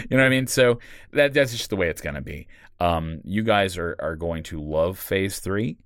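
A man co-hosting a podcast, talking in an animated, casual way, laughing easily and swearing now and then. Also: low-pitched, normal speed, clean tone, no echo, studio quality. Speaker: podcast co-creator and writer.

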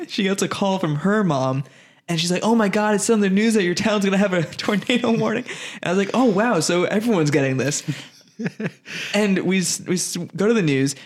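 A young man co-hosting a podcast, telling stories in a rambling, laid-back way and laughing often. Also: fairly high pitch. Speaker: podcast co-host. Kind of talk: casual podcast chat.

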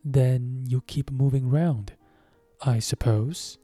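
Brief: Alice, earnest young girl, read by a man, dark husky tone, slow storybook reading. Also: mid-range voice, no room sound, faint music behind. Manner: earnest, easily offended.

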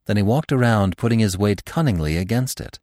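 Deep-voiced, expressive storytelling man. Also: fairly quick, dry recording, studio quality. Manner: expressive, dramatic reading. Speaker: narrator. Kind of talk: audiobook storytelling.

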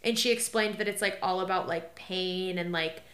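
A woman's voice: lowish voice, steady tone, moderate pace, a bit bright. Rambling young woman in an echoey room. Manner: rambling storytelling, heavy filler "like". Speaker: podcast co-host. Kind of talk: casual chat.

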